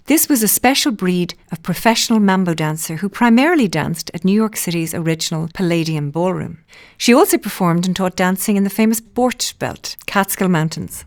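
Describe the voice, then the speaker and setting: A woman's voice: mid-range voice, no room sound, clean studio sound. A woman hosting a podcast, delivering a flowery, theatrical scripted introduction. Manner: ornate, theatrical, wordplay-loving delivery. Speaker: podcast host.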